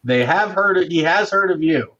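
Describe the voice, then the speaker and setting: A man acting as game master for a tabletop game, talking in a relaxed, chatty way and laughing often. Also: on the high side, moderate pace, dull audio.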